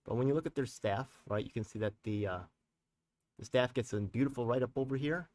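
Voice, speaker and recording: A man's voice: medium pitch, a little fast, a little mellow, far from the mic. A New man holds forth on a live stream in a mid-range voice, swearing freely and slipping into street slang. He rambles between points, fires off questions at his viewers and circles back to his anger. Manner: talks straight to viewers with tag questions. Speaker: community activist and live-stream host.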